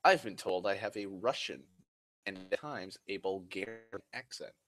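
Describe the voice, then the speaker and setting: A man's voice: low-pitched, moderate pace, fairly bright tone. A man from Massachusetts rambling casually on a stream, profane and self-mocking, a little tipsy on whiskey. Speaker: livestream host.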